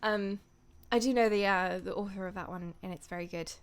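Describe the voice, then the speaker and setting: A woman's voice: medium pitch, fairly even intonation, brisk, clear, resonant tone. A young woman, a voice actor, chatting casually on a home stream in a playful, rambling way with giggly asides.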